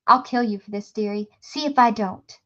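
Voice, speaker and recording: A woman voicing a sneering male gang thug who pleads and threatens in a shrill voice. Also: normal speed, a bit bright, highs cut off. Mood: snarling.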